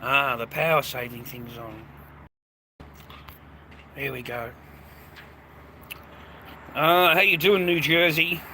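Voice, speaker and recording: A man's voice: mid-range voice, takes it slowly, pauses often, bright, forceful tone. A man with an Australian accent in a rambling, casual monologue, talking bluntly and profanely and calling the listener "mate" over and over, recorded outdoors on a city street. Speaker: vlogger. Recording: noisy street with passing traffic.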